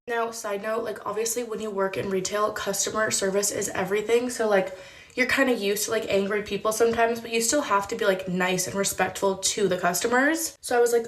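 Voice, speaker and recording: A woman's voice: medium pitch, fairly even intonation, a little fast. A woman tells a storytime vlog about her old store job, chatty and full of "like" fillers. She acts out the voices of the people she quotes. The sound is roomy and echoey. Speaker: former beauty store employee.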